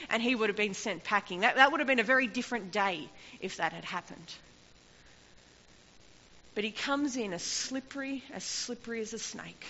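A woman with a bright, forceful, fairly high voice preaches a sermon in an echoing hall, her intonation animated and her pace moderate. She sounds impassioned, her emphasis rising and falling, and the recording is dull and lo-fi with long hall reverb.

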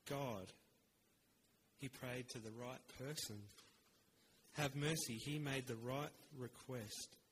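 A man preaching a sermon in an earnest, measured way, with rhetorical pauses. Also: mid-range voice, slight background noise, rough recording.

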